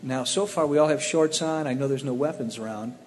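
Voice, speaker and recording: A man from the Cleveland area telling his own testimony in a plainspoken, animated storytelling way. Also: mid-range voice, a little fast, in a large hall, slight background noise.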